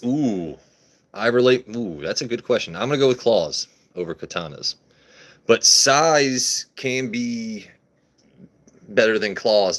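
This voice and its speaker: A man hosting a livestream in casual chat, crude and rambling with jokes and swearing. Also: fairly low pitch. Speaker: livestream host.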